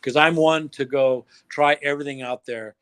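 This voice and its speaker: Excitable, cursing American man. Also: a little high, normal speed, clean tone, no room sound. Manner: excitable, swears freely, laughs often. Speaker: guest, product formulator. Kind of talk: casual chat on a livestream.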